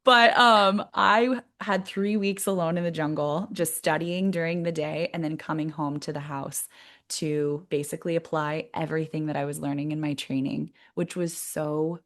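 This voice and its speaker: A woman guest on a podcast, telling a personal story in a lively, chatty way and laughing often. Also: sits low, moderate pace. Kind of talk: casual interview storytelling.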